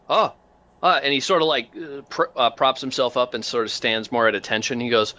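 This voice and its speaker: A man running a tabletop game, describing scenes in a loose, rambling way with plenty of "uh" and "um". His voice is bright and forceful at a middle pitch. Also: fairly quick. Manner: rambling with many fillers. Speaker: game master.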